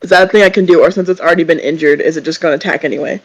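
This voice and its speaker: A man's voice: a little high, rapid-fire, dull audio. A man playing in a tabletop game, asking hesitant questions about his turn. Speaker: player. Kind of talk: casual chat in a tabletop game.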